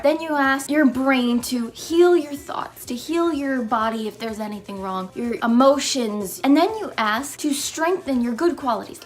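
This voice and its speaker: A young woman vlogging in a casual, earnest way about her morning routine, warm-hearted with playful asides and growing emotion. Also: high voice, moderate pace, few pauses. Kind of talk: casual motivational vlog talk. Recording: faint music behind.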